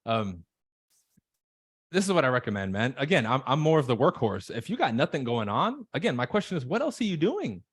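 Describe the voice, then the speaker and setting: A man coaching on sales calls in casual podcast chat, emphatic, acting out nervous callers in quick voices. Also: mid-range voice, sing-song, breathy edge. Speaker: real estate coach.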